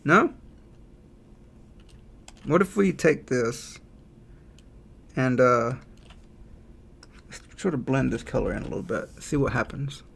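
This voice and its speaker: A man with a drawl chats casually through a livestream, thinking out loud as he works. His voice has a gravelly, slightly husky edge. Keyboard typing is faintly heard behind him. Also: mid-range voice, unhurried, pauses often. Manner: relaxed, thinking aloud, reads out chat messages. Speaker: game developer streaming live. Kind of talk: casual livestream chat while drawing.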